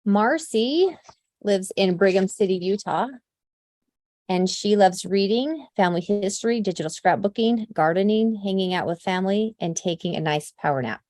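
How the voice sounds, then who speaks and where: Medium-pitched and a little mellow, this woman's voice has lively intonation and a normal speed, recorded cleanly in a studio with no echo. She founded the company and hails from Idaho, USA; on a video call she gives her new team an upbeat, casual presentation, rattling off long lists full of fillers and saying frankly that she cries easily.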